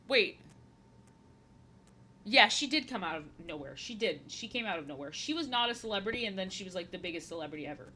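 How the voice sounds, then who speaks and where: Woman, 30s, streamer; bright, forward tone, rambling and repetitive, goofy casual chat. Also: on the low side, animated, quick pace, slight background noise. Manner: rambling, repeats her own phrases; playful, slips into silly voices. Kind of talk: casual chat while painting.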